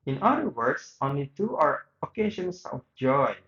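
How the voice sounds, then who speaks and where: A man's voice: a little high, big pitch swings, moderate pace, a bit bright, roomy sound, lo-fi sound. A man reading aloud both the host and guest parts of an interview, with small slips and restarts. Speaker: student reading both sides of a radio interview. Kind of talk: read-aloud interview reenactment.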